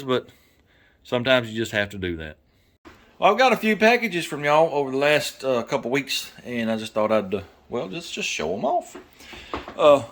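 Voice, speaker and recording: A man with a Southern American accent talking casually in a garage workshop, rambling and folksy, thinking out loud with lots of fillers. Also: fairly high pitch. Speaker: garage YouTuber and mechanic. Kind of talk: casual workshop vlog talk.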